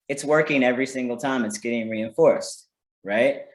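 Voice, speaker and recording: A man's voice: medium pitch, fairly even intonation, brisk. A man presenting a parenting workshop in an informal teaching style, conversational and often checking in with "right?". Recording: roomy echo.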